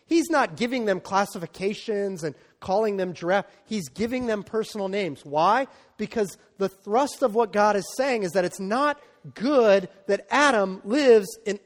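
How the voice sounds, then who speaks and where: High-voiced male pastor preaching in a hall. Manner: conversational preaching with frequent "right?" and "okay?" asides. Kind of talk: sermon.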